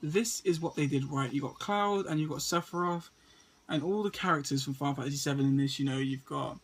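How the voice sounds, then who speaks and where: A man's voice: a little high, fairly quick, breathy edge. A man, stuttering and restarting often as he casually talks through a list of movies to his camera. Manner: stutters and repeats words often. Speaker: movie vlogger.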